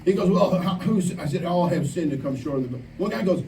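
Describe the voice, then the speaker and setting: High-voiced preacher man in an echoey hall. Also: fairly quick, a little hiss or hum. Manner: animated storytelling, acts out quoted voices. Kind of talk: camp sermon. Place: large room at a camp meeting. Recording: echoey room, distant mic, faint ambience.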